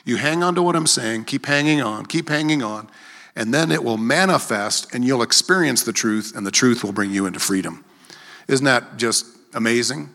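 A man's voice: expressive, normal speed, creaky, big-room sound. A man giving a conversational sermon, telling stories and acting out the voices in them. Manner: storytelling, acts out quoted voices with sharp rises in pitch. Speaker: preacher and worship leader.

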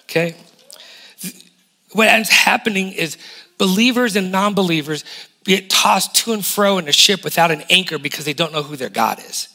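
A man in his forties preaching a lively sermon as a guest pastor, emphatic and full of rhetorical questions. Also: sits high, normal speed, vocal fry. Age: 40s.

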